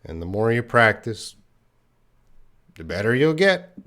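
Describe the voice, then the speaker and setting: A man teaching English in a live online lesson, reading out chat questions, correcting them patiently and speaking slowly and clearly for learners, sounding tired. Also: mid-range voice, sing-song, fairly bright tone.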